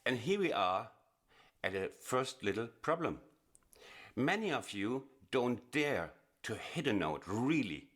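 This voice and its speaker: A man teaching blues piano in a chatty, explanatory way, often pausing with fillers and restarting phrases. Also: medium pitch, sing-song, a bit bright. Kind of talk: casual instructional explanation. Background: piano playing.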